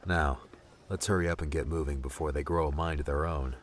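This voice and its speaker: A man's voice: extremely low pitch, steady tone, fairly quick, slight background noise, voice pushed down. A man voicing a young male adventurer who talks in an offhand, matter-of-fact way. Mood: wary.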